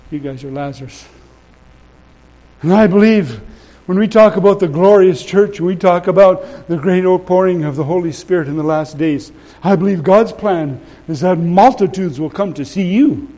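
A man with a high, light voice preaching a sermon. He is emphatic and repeats phrases for weight. He swings from loud passages to soft ones and drops into chatty asides to the congregation. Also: low-quality recording.

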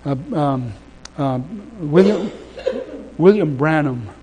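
A man delivers a sermon at a slow pace in a fairly high, expressive voice, stressing and repeating his phrases. He moves between loud and soft passages and makes conversational asides to the congregation, with noticeable noise behind him.

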